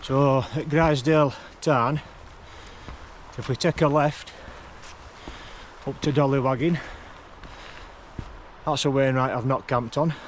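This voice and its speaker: Slow, breathless man. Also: medium pitch, steady tone, a little hiss or hum. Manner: chatty, rambling, unhurried. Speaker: hiking vlogger. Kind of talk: casual vlog narration while hiking. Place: forest track outdoors, walking uphill.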